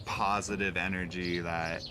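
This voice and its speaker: A man with a low voice joins the chat as co-host. He is laid-back and laughs easily, often hedging with "like". Clear background noise runs under him. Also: little pitch movement, a little slow. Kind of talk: casual chat.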